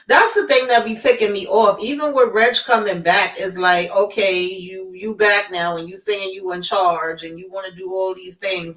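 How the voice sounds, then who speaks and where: A woman co-hosting a casual TV recap, emphatic and quick to laugh, with frequent mm-hmms. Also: medium pitch, fairly bright tone, roomy sound, distant mic, poor audio. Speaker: co-host.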